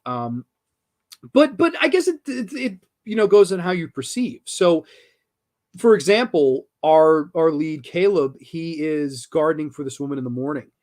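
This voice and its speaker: A man with a fairly high voice hosting a horror movie review show in a loose, chatty way. He gushes enthusiastically about the films, trips over his words and swears casually. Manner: enthusiastic and animated, swears casually, many restarts. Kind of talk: casual film review chat.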